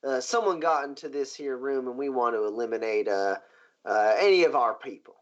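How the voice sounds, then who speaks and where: A man's voice: mid-range voice, a little fast, natural voice. A man voicing a polite, genteel riverboat owner who talks in a courteous old-fashioned drawl. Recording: muffled lo-fi recording.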